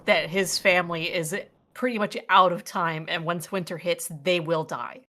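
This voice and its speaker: A woman chatting casually with a friend during a stream, quick and animated, full of fillers and jokes. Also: lowish voice. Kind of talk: casual chat.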